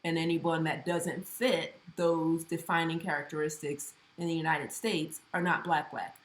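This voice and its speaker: Co-host, woman from Honduras, lively and chatty, low voice, echoey room. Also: normal speed, few pauses. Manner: animated, acts out what others say. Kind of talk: casual conversation.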